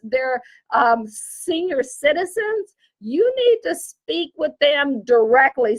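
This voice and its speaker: A woman's voice: sits high, rough recording. A woman with a Southern American accent giving a casual, emphatic teaching talk as an online business coach, often repeating and correcting herself. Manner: lively, repetitive, emphatic, self-correcting.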